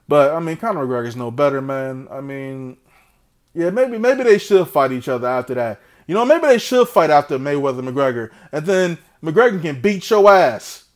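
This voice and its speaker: High-voiced man ranting and trash-talking. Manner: trash-talking, slangy, mocking. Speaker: boxing commentator vlogger. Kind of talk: mocking rant to camera.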